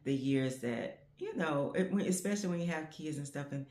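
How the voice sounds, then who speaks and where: Speaking deep and expressive at a brisk clip, this fifties-aged grandmother vlogger reflects casually on how times have changed, tossing in plenty of "you know what I'm saying" asides. Her tone runs darkish, with a slight hiss or hum in the audio.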